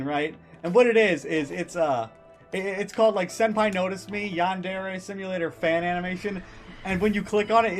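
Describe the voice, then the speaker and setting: A male streamer ranting angrily and profanely, stumbling over his words and restarting. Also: sits high. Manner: heated, profane, stammering restarts. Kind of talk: angry ranting commentary.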